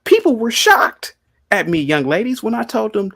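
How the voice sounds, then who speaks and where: A man's voice: sits high, huge pitch swings, normal speed, gravelly, fairly bright tone, no room sound. Heated podcast host guy, argues hard, voice swings up and down a lot, dry studio sound. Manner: argumentative, repeats questions insistently. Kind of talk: heated debate. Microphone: studio microphone.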